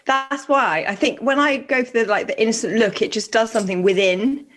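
Giggly high-voiced woman co-host. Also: fairly quick. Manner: giggly, playful, scatterbrained. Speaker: podcast co-host. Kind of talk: casual chat.

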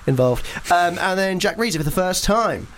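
Playful radio guy, high voice all over the place, music faint behind. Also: lively intonation, moderate pace, fairly bright tone, a little hiss or hum. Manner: playful, giggly. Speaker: radio co-host. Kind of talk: casual radio banter and storytelling.

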